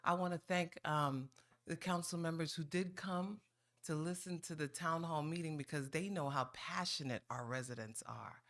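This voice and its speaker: A woman's voice: low voice, moderate pace, fairly bright tone. A woman giving an informal public comment at a council meeting, talking in a playful, folksy, teasing way and often drawing out "ooh".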